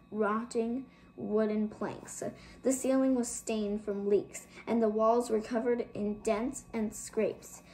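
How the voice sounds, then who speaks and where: A woman's voice: medium pitch, a little hiss or hum, poor audio. Woman reading a storybook aloud. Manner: steady reading with occasional slips and restarts. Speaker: audiobook reader. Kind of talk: storybook narration.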